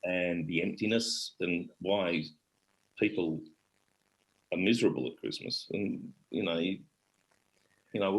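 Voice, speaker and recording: Lively Australian man spinning yarns. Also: deep voice, poor audio. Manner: animated storyteller, acts out voices. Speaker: author and actor guest. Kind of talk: storytelling conversation. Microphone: online event call.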